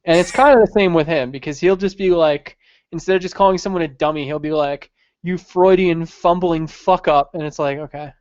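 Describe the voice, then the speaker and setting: A man's voice: fairly high pitch, quick pace, darkish tone, smooth, no room sound, lo-fi sound. A man co-hosting a podcast in casual chat, joking crudely and often slipping into mock quotes. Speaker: podcast co-host.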